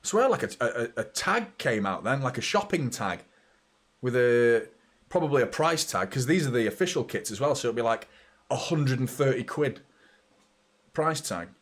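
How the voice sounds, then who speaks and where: A middle-aged man talks through a live match as host of a watchalong. He chats to his viewers, swears freely and breaks off to react loudly to the play. His voice sits at an ordinary pitch for a man. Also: sing-song, moderate pace.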